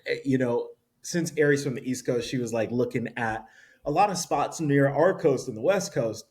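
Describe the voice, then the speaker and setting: Animated man telling a story. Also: medium pitch, moderate pace. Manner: animated storyteller, acts out quotes. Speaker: interview guest. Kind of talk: casual storytelling.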